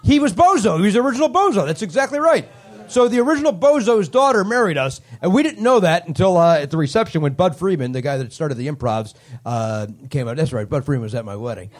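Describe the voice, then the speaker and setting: A man works the crowd from a comedy club stage, needling audience members with sarcastic, playful jabs. His voice sits high and leaps around expressively as he riffs. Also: lively intonation. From Canada. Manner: teasing, sarcastic, quick to riff. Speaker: comedy podcast host. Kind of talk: live comedy crowd work.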